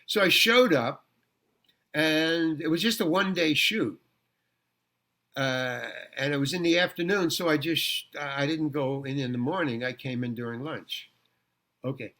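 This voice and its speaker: Animated older man telling rambling stories. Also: fairly high pitch, measured pace. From New York. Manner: rambling, animated, full of restarts and acted-out quotes. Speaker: guest actor. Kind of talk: casual storytelling interview.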